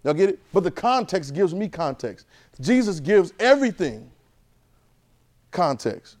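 Male preacher, thirties, call-and-response style, pitched a bit high. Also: sing-song, measured pace, darkish tone. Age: 30s. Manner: call-and-response with the congregation, conversational and emphatic. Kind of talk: sermon.

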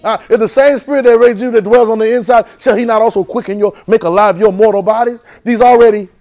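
High-voiced man preaching a sermon. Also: steady tone, fast talker. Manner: call-and-response, urging the congregation to repeat; swings from loud exhortation to soft near-whispers.

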